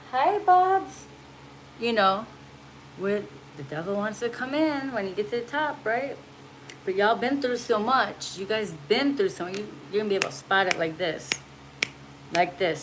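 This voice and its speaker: A woman giving a spiritual message in a casual livestream, blunt and preachy, swearing freely. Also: medium pitch. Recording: noisy home recording.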